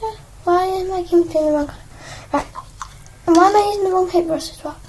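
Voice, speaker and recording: A woman's voice: extremely high pitch, fast talker, darkish tone, slight background noise, rough recording. A young woman chatting casually while painting a craft at her desk, rambling and joking at herself, now and then dropping to a whisper, filmed on an iPad. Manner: rambling, self-mocking, drifts into whispers. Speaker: crafting vlogger. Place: indoors at a desk. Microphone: iPad propped on a stool.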